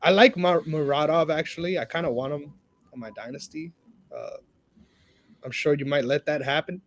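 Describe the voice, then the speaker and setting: Young guy hosting a fight podcast, kinda high voice, hyped and teasing, swears a lot. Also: moderate pace. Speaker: podcast co-host. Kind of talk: casual sports chat.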